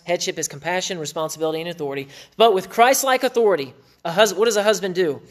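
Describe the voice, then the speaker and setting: A middle-aged man hosting a marriage podcast, teaching in an emphatic, preacher-like way and repeating phrases for stress. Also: a little high.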